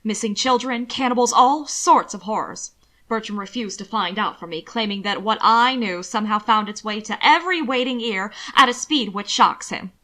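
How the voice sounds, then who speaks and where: A gossiping society lady leans in with eager, coaxing chatter, as a woman puts her on. She pitches her voice a little higher and louder than the narration around her. The effect is a storybook reading with a touch of period drawing-room manners. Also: normal speed. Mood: coaxing, gossipy. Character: chatty gossiping noblewoman and mother.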